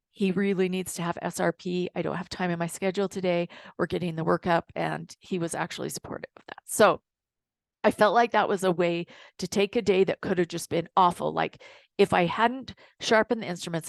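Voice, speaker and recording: A middle-aged woman, a dental hygienist and coach, telling a work story to an audience in a lively way, acting out what people said. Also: fairly low pitch, creaky, no room sound. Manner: storytelling, animated retelling with quoted dialogue. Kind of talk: casual talk to an audience.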